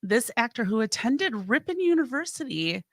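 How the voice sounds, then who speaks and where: A woman co-hosting a morning talk show, reading out trivia questions between giggles. Her voice sits high and bright, with wide pitch swings. The sound is close and dry. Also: big pitch swings, moderate pace, no room sound. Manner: giggly, quizzing. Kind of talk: casual chat.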